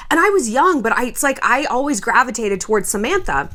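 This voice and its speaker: Sassy, animated woman ranting. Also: a little high, a little fast. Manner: profane, sassy, quotes people in mocking voices. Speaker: vlogger. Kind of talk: casual pop-culture rant.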